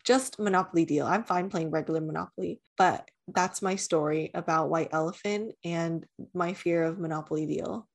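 A young woman co-hosting a podcast, telling a story in casual chat, animated, with lots of "like" and swearing. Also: lowish voice, moderate pace, vocal fry, few pauses. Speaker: podcast co-host.

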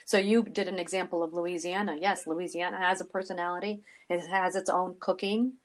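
A woman's voice: on the low side, fairly even intonation, brisk, slight background noise. A middle-aged woman co-hosting a casual podcast chat, telling stories animatedly with frequent asides. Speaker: podcast co-host.

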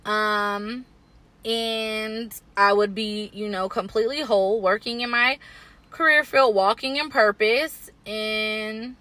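Candid young woman, bright tone. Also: mid-range voice, slow, dry recording. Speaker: podcast co-host. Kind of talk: casual chat.

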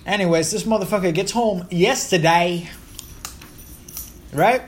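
A man's voice: sits high, unhurried, slight background noise. A man in his thirties from Puerto Rico, with a Puerto Rican accent, hosting a podcast as a rambling, joking, profane monologue. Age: 30s. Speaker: podcast host. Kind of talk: casual monologue.

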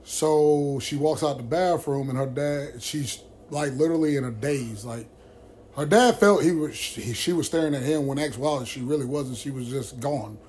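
A man's voice: mid-range voice, normal speed, a little mellow, slight background noise. A man hosting a vlog who tells a friend's story to the camera in a blunt, heated way, with constant swearing. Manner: blunt, heavily profane and heated.

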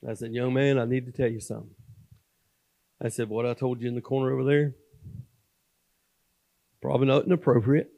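A man gives a sermon testimony from a church platform in a mid-pitched voice. His folksy delivery swings between loud, emphatic preaching and hushed, confiding asides. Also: vocal fry. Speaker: guest speaker at a church. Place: church sanctuary.

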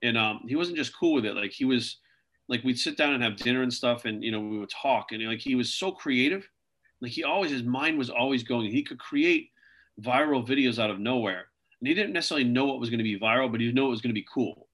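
Guy talking fast in an interview, bright sharp voice, rambly, lots of "like" and "you know". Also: medium pitch, expressive. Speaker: interview guest, video creator. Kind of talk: casual interview storytelling.

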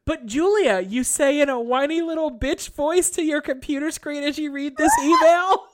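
A woman with a high voice reads an email aloud, giving its curses full dramatic weight. She stays theatrical and expressive in a casual podcast setting. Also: normal speed. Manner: dramatic, profane, laughing readings. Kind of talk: reading an email aloud with commentary.

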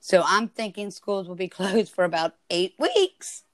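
A woman co-hosting a casual podcast, explaining things in a relaxed, chatty way. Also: medium pitch, a little slow, no echo. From United States. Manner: easygoing, explanatory, laughs along. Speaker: podcast co-host. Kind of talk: casual chat.

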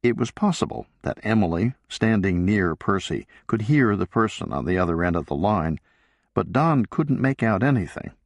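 A man reading a novel aloud as an audiobook narrator, in a measured, deliberate way. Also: on the low side, lively intonation, no echo. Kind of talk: scripted narration.

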